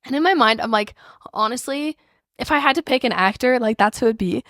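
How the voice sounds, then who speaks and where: A woman's voice: fairly high pitch, fairly quick, a bit bright, dry recording, clean studio sound. A young woman co-hosting a book club podcast, chatting casually and rambling with fillers. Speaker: podcast co-host.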